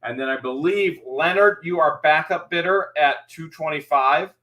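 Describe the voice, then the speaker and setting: A man hosting a live-stream auction, calling out bids quickly and then chatting and explaining the items. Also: on the high side, pushed and bright, low-quality recording. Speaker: host.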